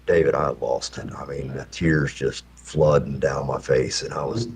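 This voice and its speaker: A man in his fifties, in prison, telling a long personal story in an unhurried, rambling way with many fillers. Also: a bass voice, steady tone, vocal fry, breathy edge. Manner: unhurried, full of fillers and restarts.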